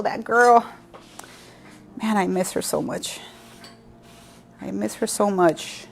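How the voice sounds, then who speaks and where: A woman's voice: fairly low pitch, gravelly. A middle-aged woman hosting a casual live cooking class from her kitchen, telling stories with laughs and talking straight to her viewers. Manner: chatty, warm storytelling with laughs and asides to viewers. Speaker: cooking show host. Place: home kitchen.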